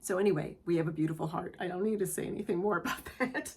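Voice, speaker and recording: A woman's voice: on the low side, quick pace, few pauses, breathy edge. A woman hosting her own channel, giving an earnest, affirming tarot reading to her viewers, moved close to tears. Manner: gentle, earnest, affirming; emotional, near tears. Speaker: tarot reader, channel host. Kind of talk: spiritual tarot reading to camera.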